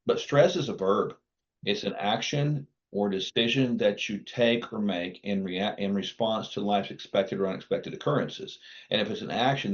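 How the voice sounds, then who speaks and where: A man's voice: lowish voice, highs cut off. A man speaking as a guest on a podcast, a physician who lays out his points in firm, teaching declarations. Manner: emphatic, didactic, firm declarations. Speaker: physician and wellness clinic founder.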